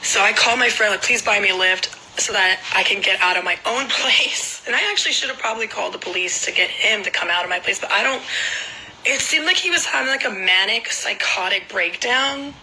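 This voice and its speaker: A woman's voice: medium pitch, lively intonation, a little fast, pushed and bright, a little hiss or hum, rough recording. A young woman telling a personal story in a rambling, casual way, filling nearly every phrase with "like.". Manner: rambling, packed with filler "like".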